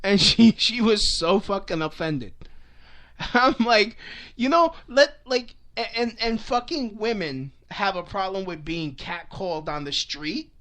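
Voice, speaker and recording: Here a young male vlogger rants for laughs straight into the camera, rambling, cursing freely, breaking off to restart and cracking up. His high voice has lively intonation and a sharp edge, and he doesn't rush.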